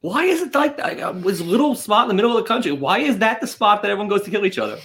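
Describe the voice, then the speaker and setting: A man co-hosting a podcast in casual chat, teasing his co-host with wry, deadpan asides. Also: high-pitched, very fast.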